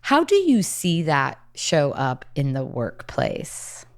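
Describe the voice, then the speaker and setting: A woman's voice: sits low, wildly swooping pitch, slow, gravelly. A woman hosting a leadership podcast, introducing and interviewing her guest with eager enthusiasm. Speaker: podcast host.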